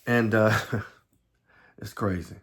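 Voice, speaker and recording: A middle-aged man from the Southern United States, with a Southern American accent, delivers a monologue about his own life. He speaks haltingly in a steady tone, repeating and restarting often and sometimes sinking into a low murmur.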